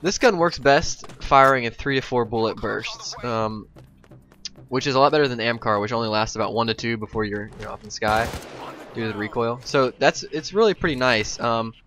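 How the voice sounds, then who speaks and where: A man's voice: medium pitch, a little fast, fairly bright tone. A young man giving casual, rambling game commentary as a voice-over, full of ums and asides. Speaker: gameplay commentator.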